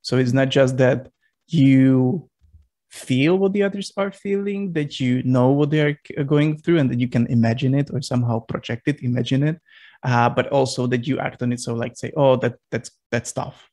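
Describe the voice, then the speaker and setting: A man's voice: mid-range voice, normal speed, mellow. Hesitant man chatting on a podcast. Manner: hesitant, many fillers and restarts. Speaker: podcast host. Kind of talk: casual podcast discussion.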